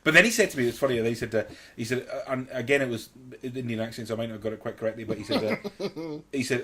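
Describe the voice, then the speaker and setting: A man's voice: medium pitch, animated, racing, sharp tone, a little hiss or hum. A man telling stories in a casual chat, laughing often and restarting his sentences. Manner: storytelling, laughs often, self-interrupting. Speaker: guest.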